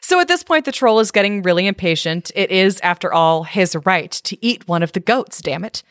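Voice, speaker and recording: A woman's voice: medium pitch, lively intonation, moderate pace, a bit bright, no echo, clean studio sound. A woman co-hosting a casual chat, reading a storybook parody aloud with wry amusement and frequent laughter. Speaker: podcast co-host reading a story.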